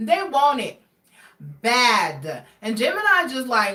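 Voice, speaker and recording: A woman giving a casual tarot reading, chatty and expressive as she talks straight to her viewers. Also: a little high, takes it slowly, recorded from a distance. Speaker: tarot card reader. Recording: roomy sound from away from the mic.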